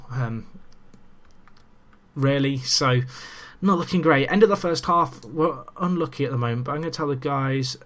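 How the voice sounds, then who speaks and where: A young man in casual let's-play commentary, chatty and excitable with self-mocking asides, talking into a desk microphone. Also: a little high. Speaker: gaming commentator.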